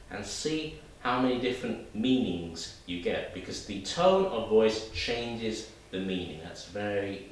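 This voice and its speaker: A man teaching a video lesson, talking straight to the viewer in a lively, demonstrative way. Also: sits low, very echoey, distant mic, slight background noise, low-quality recording. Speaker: English teacher.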